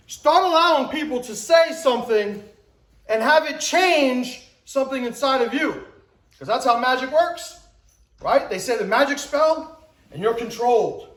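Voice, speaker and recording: A man's voice: echoey room, rough recording. A man in his forties giving a motivational talk, emphatic and acting out little scenes as he speaks. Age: 40s. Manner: emphatic, acts out scenes with rising pitch and shouts.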